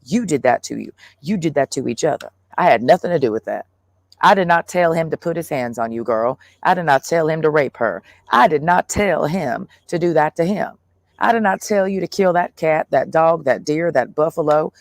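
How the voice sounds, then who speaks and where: A man's voice: on the high side, animated, normal speed, gravelly, no room sound, clean studio sound. A man in a blunt, profane monologue, speaking in the first person as God, full of slang and swearing. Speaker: vlogger.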